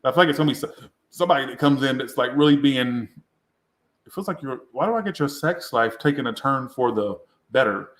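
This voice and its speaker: Lively in intonation and fairly quick, this mid-range male voice belongs to a tarot reader giving a live session. Tipsy and crude, he rambles and mocks himself against a roomy echo.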